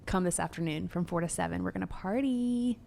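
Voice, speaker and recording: A woman's voice: lowish voice, fairly quick, vocal fry, mellow, a little hiss or hum. Woman, thirties, podcast host, casual chat, bubbly.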